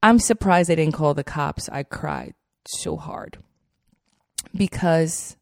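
A woman's voice: sits low, slow pace, vocal fry, a little mellow, no echo. A woman hosting a podcast, telling a heartfelt personal story in an earnest way, with many fillers and repeated phrases, on a close mic. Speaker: podcast host.

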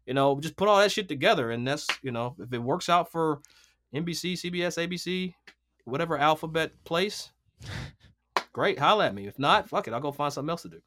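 A man from Kentucky, a golf broadcaster talking as a podcast guest, animated and casual, swearing freely and often repeating words. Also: a little high, brisk, a little hiss or hum. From Kentucky, USA.

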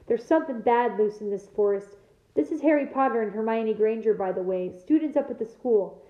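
A woman reading aloud, voicing a big, blunt male gamekeeper who talks in a rough dialect. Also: fairly high pitch, brisk, close to an everyday voice. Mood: gruff. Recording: echoey room, tinny phone-like sound.

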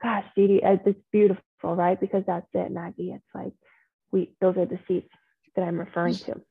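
Woman coach, gravelly and husky, affirming, encouraging, on a thin phone-like call line. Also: mid-range voice, little pitch movement, fairly quick, no echo. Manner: warm, affirming, encouraging, uses pet names. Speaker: transformational coach. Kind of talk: coaching a group on a video call. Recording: phone-like video call audio.

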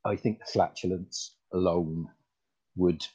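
A man voicing a bumbling rural farmer comedian with a rural English accent, talking in a halting, stammering, folksy way. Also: on the high side, lively intonation. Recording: dull lo-fi sound.

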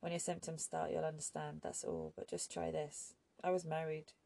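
A woman reading an audiobook voices a calm, resigned young man who speaks softly and never raises his voice. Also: sits low, normal speed, vocal fry, full character voice. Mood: sorrowful. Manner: soft-spoken, never raises voice.

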